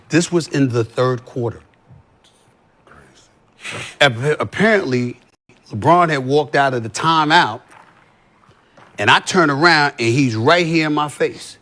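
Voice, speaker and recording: A man's voice: mid-range voice, bright, forceful tone. A man talking in a heated, profane podcast conversation, pressing his points again and again. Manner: emphatic, profane, repeats points. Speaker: sports commentator as podcast guest.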